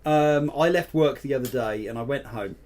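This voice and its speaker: A man co-hosting a casual podcast chat, telling an excited story. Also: medium pitch, normal speed. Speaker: podcast co-host.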